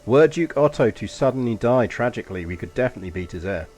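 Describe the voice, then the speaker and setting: Chatty man with a softened London accent. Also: mid-range voice, lively intonation, fast talker, faint music behind. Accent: softened London with a slight New York touch. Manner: chatty, thinks aloud, swears casually at the game. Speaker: streamer. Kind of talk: casual live-stream game commentary.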